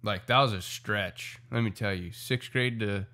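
A young man co-hosting a casual podcast chat, loud and teasing, with crude jokes. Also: on the low side, measured pace. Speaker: podcast co-host.

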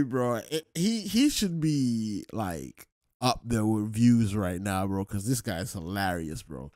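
A man's voice: lowish voice, sing-song, slow, dark tone, no room sound. A man hosting a reaction video in a laid-back, slangy manner, saying "bro" again and again. The recording is dry and close. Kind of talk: casual chat.

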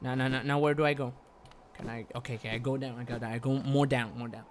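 A woman's voice: a bass voice, expressive, fast talker, slight background noise. Woman streamer ranting through a game. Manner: exasperated, swearing, repeating words in bursts. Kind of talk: live gameplay commentary.

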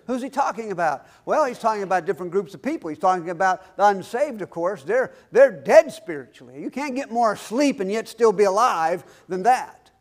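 A man's voice: high-pitched, lively intonation, a little fast, few pauses. A male pastor preaching a sermon, emphatic, with call-and-response questions to the congregation. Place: church.

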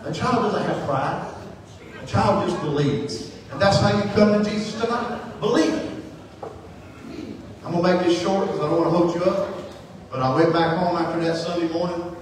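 A man preaches his testimony from the pulpit, pouring out feeling and shifting from hushed passages to shouted ones. His voice sits high, and it reaches the mic from some distance across an echoing church hall. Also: noisy background. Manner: impassioned, swings from hushed to shouting. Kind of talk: sermon testimony.

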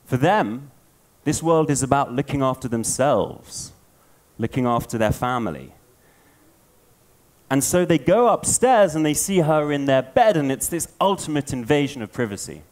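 A man speaking at a conference, telling a tale in an animated way. His pitch sits in the middle of the male range but rises and falls a great deal. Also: moderate pace. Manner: animated storyteller. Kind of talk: storytelling conference talk.

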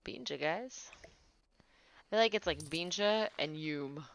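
A woman's voice: low voice, expressive, a little slow, gravelly, fairly bright tone, no echo, muffled recording. A woman streaming a life-simulation game, chatting casually and teasing the characters on her screen. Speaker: gaming streamer. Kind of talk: casual live-stream commentary.

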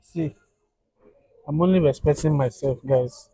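A man's voice: on the high side, a little slow, warm tone, husky, no room sound, faint music behind. A Nigerian man on a couple's vlog, pleading and joking with his wife in Pidgin-flavored English. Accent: Nigerian, mixing in Pidgin. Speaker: vlogger. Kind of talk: casual couple vlog banter.

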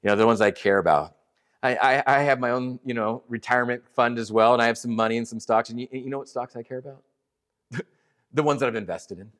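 A middle-aged ministry leader preaches a sermon at a church, earnest and conversational, telling a story with many restarts. His mid-range voice has a fairly bright tone, and he talks fast.

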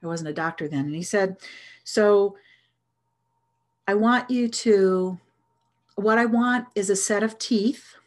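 A woman's voice: medium pitch, slow pace, pauses often. A middle-aged woman telling a personal story in an earnest, reflective way, with hesitant restarts. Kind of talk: storytelling talk.

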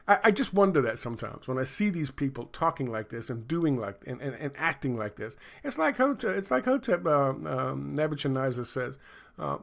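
A man's voice: on the high side, very animated, normal speed, creaky. A middle-aged man ranting in a casual commentary, sarcastic and profane, rambling with lots of fillers. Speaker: video commentator.

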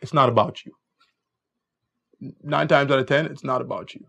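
Gravelly man giving animated dating advice. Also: medium pitch, moderate pace. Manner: animated storyteller, acts out both sides of conversations. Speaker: dating coach. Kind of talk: casual advice talk.

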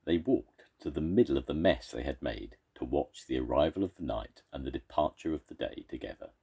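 An older man, a grandfather, reading a children's story aloud in a gentle, expressive storytelling manner. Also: a bass voice, fairly quick, few pauses, slightly rough.

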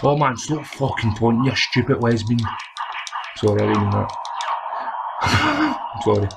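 A man's voice: medium pitch, moderate pace, vocal fry. A young Scottish man giving rowdy, sweary commentary while he plays a boxing game. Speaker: gaming channel host. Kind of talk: let's play commentary. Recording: loud game and clicking noise behind.

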